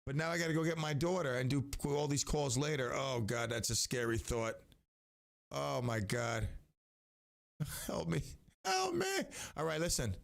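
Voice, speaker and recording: A middle-aged man hosting a local radio show in casual chat, rambling and self-interrupting, now and then breaking into loud singing. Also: medium pitch, moderate pace, creaky, long pauses.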